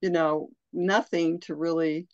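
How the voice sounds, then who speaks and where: A woman's voice: low-pitched, steady tone, unhurried, no room sound. A woman from the American South with a Southern accent, a real estate agent chatting casually in a self-deprecating way. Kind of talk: casual conversation. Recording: dull, dry lo-fi audio.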